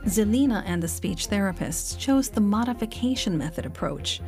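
Woman, documentary narrator, scripted, calm and measured, faint background music. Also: medium pitch. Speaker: documentary narrator and voice-over translator.

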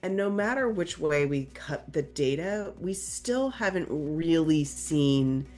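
A low-pitched woman speaking as an expert. She explains in a reasoned, analytical way, with faint music behind. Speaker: labor market expert. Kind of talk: interview answer.

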